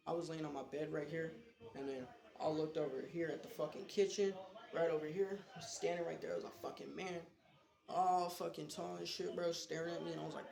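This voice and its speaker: A man's voice: fairly high pitch, fairly even intonation, fairly quick, creaky, a little mellow. A young man in his late teens telling rambling, profane, slangy stories in a casual vlog from his bedroom. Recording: echoey room with music behind.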